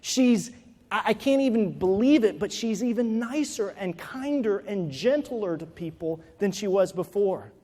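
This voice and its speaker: A man's voice: sits high, expressive, measured pace, mellow. A man giving a motivational keynote to an audience in a large hall, telling a personal story and then building to emphatic exhortation. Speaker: motivational speaker. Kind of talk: keynote speech. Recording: reverberant hall.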